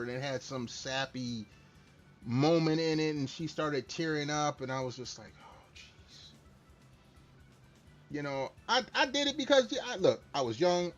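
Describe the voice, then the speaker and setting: A middle-aged gamer with a somewhat bright, mid-range voice rambles casually on stream, candid and self-deprecating. His mic has a slightly dull, lo-fi quality, and music plays faintly in the background.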